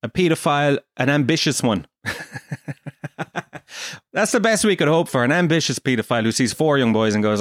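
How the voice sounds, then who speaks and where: A man's voice: medium pitch, expressive, brisk, pauses often, no room sound, studio quality. An Irish man from Kerry hosting a podcast, telling a comic story in a profane, self-deprecating way. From Kerry, Ireland. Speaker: podcast host.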